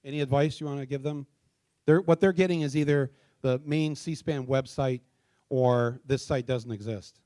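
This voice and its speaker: A middle-aged man hosting a live town hall in a theater, talking casually with many fillers and restarts, and spelling things out slowly. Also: medium pitch, dark tone. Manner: spells out addresses slowly letter by letter. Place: theater stage before a live audience.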